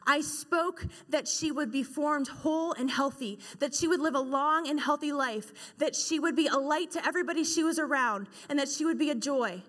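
A woman's voice: sits high, normal speed, few pauses, a bit bright. A young woman guest speaker preaching a sermon, impassioned and telling a personal story. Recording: echoey hall.

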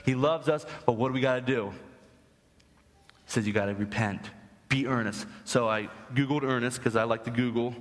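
A man's voice: mid-range voice, a bit bright. Young guy preaching, emphatic, big hall echo, mid voice. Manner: emphatic, rising to strong emphasis on key lines. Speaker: pastor. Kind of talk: sermon. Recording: long hall reverb.

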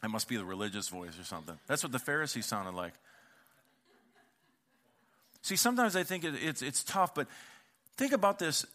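A man's voice: medium pitch, very animated, normal speed, long pauses, bright, forceful tone. A man preaching a sermon as pastor, telling stories in a casual, conversational way and acting out the voices he quotes. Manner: conversational, with casual slang and repeated words.

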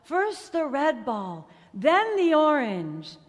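A woman voicing a poor, gentle old male clown in a storybook reading, in an earnest manner. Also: high-pitched, very animated, takes it slowly, big-room sound, exaggerated voice. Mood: joyful.

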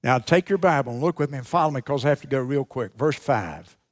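A male pastor preaching a sermon with emphatic, dramatic pauses, repeating key phrases for effect. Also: medium pitch.

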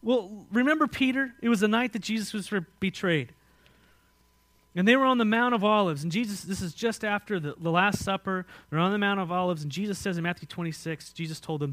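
A man with an American accent preaching a sermon as pastor, swinging between loud emphatic lines and hushed ones and asking the congregation questions. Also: sits high, a little fast, dry recording. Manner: asks the congregation direct questions.

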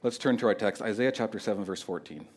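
A man's voice: fairly low pitch, fast talker, a little hiss or hum. Conversational pastor, a man preaching. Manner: unscripted, conversational, many fillers and restarts. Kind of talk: sermon.

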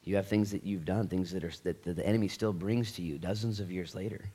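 A middle-aged man preaching a sermon in a church, animated, acting out dialogue and swinging between loud bursts and hushed asides. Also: low-pitched, fast, husky. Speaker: pastor.

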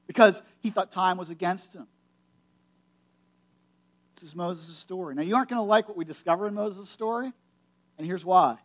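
A man's voice: high-pitched, lively intonation, normal speed, pauses often, fairly bright tone. A man, a pastor, delivering a sermon in a conversational but emphatic way, often repeating phrases for effect. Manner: conversational, emphatic preaching with repetition.

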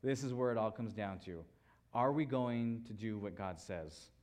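A man's voice: fairly low pitch, moderate pace, a little mellow. A man preaching a sermon, building emphasis through repeated phrases and rhetorical questions. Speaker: pastor.

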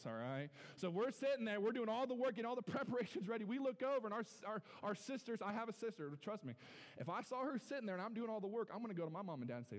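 Pastor preaching in a reverberant church hall. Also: male voice, a little high. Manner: lively, conversational preaching with frequent repetitions and audience address. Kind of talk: sermon. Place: church sanctuary.

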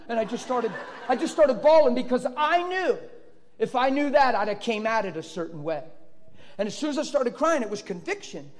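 Guy preaching hard, high voice that swings all over, bursts out loud, big echoey hall. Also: animated, fairly quick. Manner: fervent storytelling with sudden loud outbursts. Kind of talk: sermon testimony. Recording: long reverb of a large hall.

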